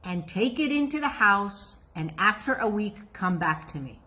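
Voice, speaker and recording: A woman storyteller voicing a calm, wise old male rabbi who gives measured, matter-of-fact advice. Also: medium pitch.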